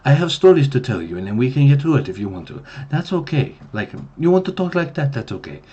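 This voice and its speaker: Lamb, a man putting on a soft-spoken storyteller. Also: medium pitch, very animated, quick pace, husky, dull audio, pitched above the performer's own voice. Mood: reassuring. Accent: Mediterranean-like, almost Italian. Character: soft-spoken gentle male NPC storyteller.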